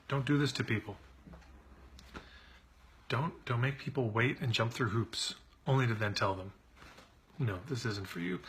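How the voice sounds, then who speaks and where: A man's voice: medium pitch, sharp tone. A middle-aged man who coaches on marketing, venting in a casual monologue, frustrated and exasperated, repeating himself when he gets worked up.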